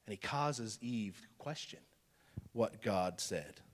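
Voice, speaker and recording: A male pastor preaching a sermon in a conversational teaching style, dropping to a hushed voice for emphasis. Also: lowish voice, lively intonation, takes it slowly, long reverb tail.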